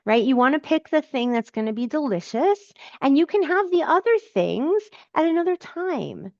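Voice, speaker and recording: A woman's voice: sits high, very animated, normal speed, no echo, muffled recording. A woman coach answering viewers' comments in a live Q&A, encouraging and emphatic, repeating her key phrases.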